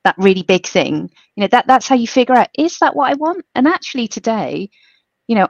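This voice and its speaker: A woman's voice: fairly high pitch, big pitch swings, fairly quick, gravelly, no room sound, muffled recording. A woman guest in a podcast interview, telling a reflective story and quoting what others said to her. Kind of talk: casual interview chat.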